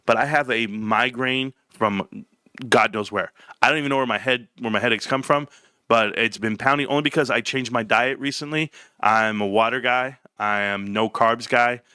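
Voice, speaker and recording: A man hosting a casual livestream, talking brashly and joking, dropping to low mutters and then jumping to high outbursts. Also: normal speed, sharp tone, clear, resonant tone, dry recording, clean studio sound. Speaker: livestream host.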